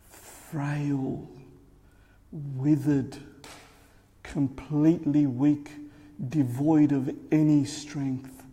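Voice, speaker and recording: A man preaches with a gravelly, mellow voice that stays fairly flat in pitch. He tells a parable slowly and with emphasis, and his words ring out in a long hall reverb. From Australia. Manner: storytelling, slow and emphatic, voicing characters in quotes. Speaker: religious teacher. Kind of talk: sermon.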